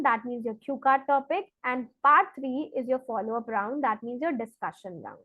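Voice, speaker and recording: A woman's voice: high voice, no echo, narrow, tinny audio. A woman, teaching an online exam-prep lesson step by step and checking in with rhetorical questions. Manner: explains step by step, asks rhetorical questions like "right?". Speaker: IELTS teacher.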